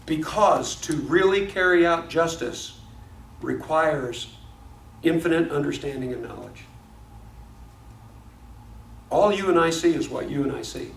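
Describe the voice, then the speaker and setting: A man teaching a Bible study in a casual, animated way, often restarting his words as he tells a story. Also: fairly high pitch, a little slow, creaky, pauses often. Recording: echoey room, mic at a distance, faint noise.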